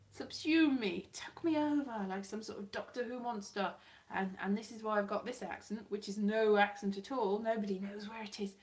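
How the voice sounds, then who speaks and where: A woman chatting casually on a livestream from home into a webcam. She rambles and pokes fun at herself. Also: medium pitch. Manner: chatty, rambling, self-mocking. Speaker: YouTuber.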